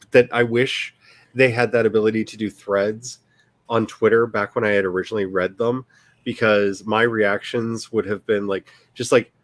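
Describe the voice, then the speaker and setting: A man's voice: lowish voice, no room sound. A man hosting a casual livestream as an author, rambling and self-deprecating, who laughs often and restarts his sentences.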